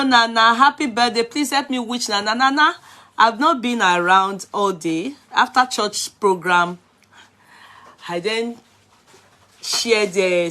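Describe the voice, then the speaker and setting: A woman's voice: mid-range voice, sharp tone. A middle-aged woman, chatting casually on a live stream, greeting viewers by name and slipping into Yoruba.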